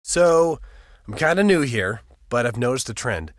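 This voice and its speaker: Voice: medium pitch, sing-song, unhurried, dry recording, clean studio sound, soft background music. A voice actor playing a young pet dog that teases its owner in an ad. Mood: amused teasing. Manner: chatty, amused, teasing. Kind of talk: ad voice-over.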